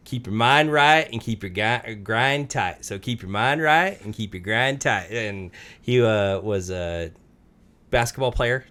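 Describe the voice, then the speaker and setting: A man's voice: on the low side, a bit bright. A man talking casually as a podcast guest, in a laid-back, encouraging way. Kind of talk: casual chat.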